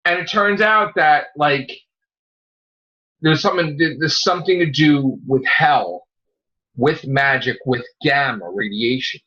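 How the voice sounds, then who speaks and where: A man hosting a casual podcast, rambling excitedly about comic books and swearing freely as he retells scenes. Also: fairly high pitch, slow. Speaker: podcast host. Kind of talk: casual comic book chat. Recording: dull lo-fi recording.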